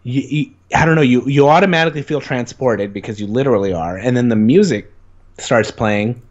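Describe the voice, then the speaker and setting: A man's voice: medium pitch, a little fast, highs cut off. A young man as an interview guest, telling stories in a rambling, eager way, full of fillers. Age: young adult. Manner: rambling, many "like" fillers, enthusiastic storytelling. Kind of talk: casual conversation.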